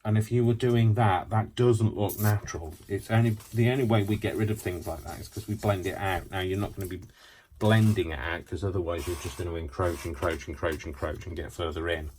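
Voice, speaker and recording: Deep-voiced chatty man. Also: fairly even intonation, a little fast, a little mellow, slight background noise. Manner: chatty, rambling, self-mocking asides. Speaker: craft tutorial host. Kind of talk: casual craft demonstration.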